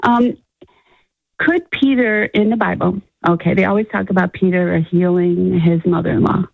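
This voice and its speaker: Gravelly-voiced woman caller on a phone line. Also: lowish voice, fairly even intonation, dry recording. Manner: halting, restarts often, talks with a chuckle. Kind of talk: phone-in conversation.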